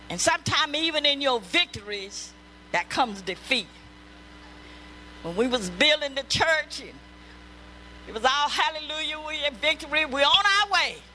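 A woman's voice: high-pitched, sharp tone, slight background noise, poor audio. A woman pastor delivering a sermon, emphatic and repetitive, breaking into calls of praise.

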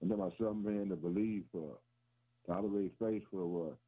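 A low-voiced man talks fast as he preaches a radio sermon, repeating himself rhythmically, calling listeners "boy" and "man," and chuckling between lines. The broadcast sounds tinny, like a phone.

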